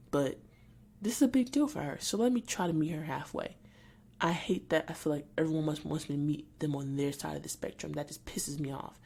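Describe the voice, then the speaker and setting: A young adult woman hosting a solo podcast, venting with irritation and halting, restarting speech. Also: deep voice, dark tone. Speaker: podcast host.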